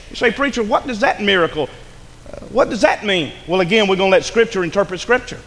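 A man preaching a sermon, dramatic, dropping to a hush and rising to a shout. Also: high voice, expressive, quick pace, big-room sound.

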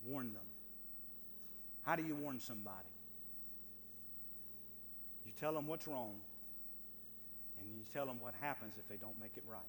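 A male pastor preaching a sermon in a church, emphatic and repetitive, swinging from loud urging to soft pleading. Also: mid-range voice, measured pace, long pauses, long reverb tail, a little hiss or hum. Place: church sanctuary.

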